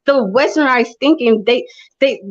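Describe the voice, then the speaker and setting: A woman's voice: high voice, measured pace. A woman in her thirties talking passionately in a casual conversation, telling stories with frequent restarts. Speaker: guest speaker. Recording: dull lo-fi audio.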